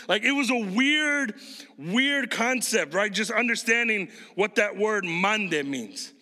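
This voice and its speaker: A man in his thirties from Chicago preaches in a high, very bright voice. He talks to the congregation like a friend and keeps quizzing them. His sermon rings out with the long reverb of a large hall. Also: unhurried.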